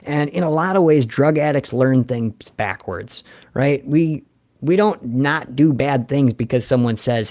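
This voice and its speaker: A man's voice: medium pitch, measured pace, a little mellow. A man, hosting a rambling, joking livestream and reading chat comments aloud. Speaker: livestream host.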